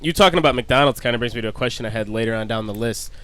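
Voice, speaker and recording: A man's voice: medium pitch, rapid-fire, a crowd in the background. A man hosting a casual interview, asking loose questions with a laid-back, profane manner. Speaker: podcast host.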